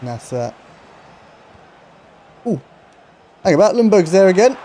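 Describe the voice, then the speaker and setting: Excitable man commentating a game. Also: high voice, a little fast, pauses often, a little hiss or hum. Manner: excitable, swings from shouting to muttering. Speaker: gaming YouTuber.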